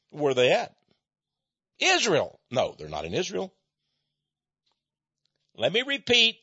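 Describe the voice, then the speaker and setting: An American man delivering an emphatic lecturing monologue, repeating points and dropping between loud stresses and low asides. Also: wildly swooping pitch, measured pace, pauses often, slightly rough, dry recording. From United States. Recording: dull lo-fi, dry recording.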